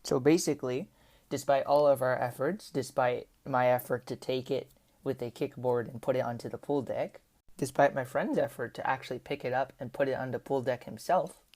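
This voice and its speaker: Chatty lady gamer rambling through a story, really low voice, keeps saying like and right. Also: steady tone, normal speed, darkish tone. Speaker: gaming commentator. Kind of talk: casual storytelling over gameplay.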